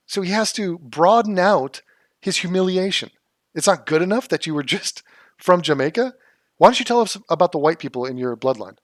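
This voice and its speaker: A man's voice: sits high, animated, fairly quick. A man hosts a reaction commentary in a sarcastic, mocking tone. His exasperation spills into incredulous rhetorical questions. The sound is close and dry, with no room echo. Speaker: political commentary host. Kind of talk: reaction commentary on a debate clip.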